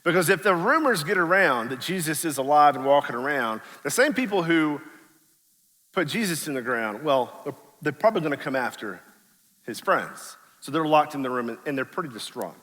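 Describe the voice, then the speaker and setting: A man's voice: a little high, lively intonation, normal speed, a bit bright, in a large hall. A man, a pastor, preaching a sermon in a casual storytelling way, acting out the people in the story. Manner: casual storytelling, acts out quotes in voices. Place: church sanctuary.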